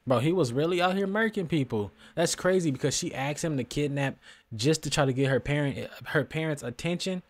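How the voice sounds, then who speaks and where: A man giving casual gameplay commentary into a desk microphone, reacting with animated jokes and slang. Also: on the high side, brisk. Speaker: gaming streamer.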